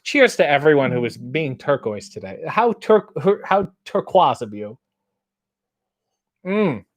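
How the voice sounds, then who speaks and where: Middle-aged guy hosting a stream, reading comments and dirty limericks, kinda high voice, bouncy sing-song delivery. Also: sing-song, a little slow. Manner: reads out viewer comments and limericks with a playful sing-song lift. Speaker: host. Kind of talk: casual live-stream chat reading comments.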